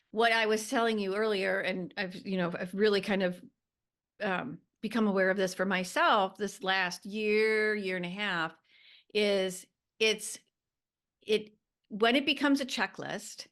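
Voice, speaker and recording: A calm woman guides a coaching session in a reassuring, unhurried way. She uses lots of fillers and restarts as she thinks aloud. Her voice sits at a middle pitch. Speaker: podcast co-host and coach. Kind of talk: gentle coaching talk.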